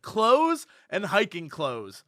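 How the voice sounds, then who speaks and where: A man's voice: sits high, slow pace, dry recording, studio quality. A young adult man co-hosting a podcast in casual chat, telling stories and acting out the voices of the people in them. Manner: animated storyteller, acts out voices. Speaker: podcast co-host.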